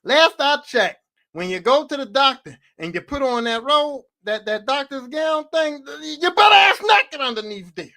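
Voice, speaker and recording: High-voiced man on a profane rant. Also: measured pace. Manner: profane, animated, talks straight at the figure he mocks. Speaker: podcast host. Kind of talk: comedic rant about horror movies.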